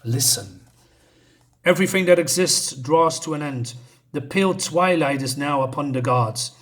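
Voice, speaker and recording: A man's voice: a little high, moderate pace, lightly acted. A man reading as a solemn ancient earth goddess.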